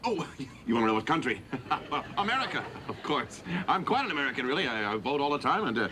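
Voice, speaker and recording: A middle-aged actor playing a pompous psychiatrist who talks too much and gets flustered easily. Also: male voice, mid-range voice, sing-song, fast talker, lightly acted. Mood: fussy. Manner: wordy, pompous, nervous chatter. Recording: noisy television audio.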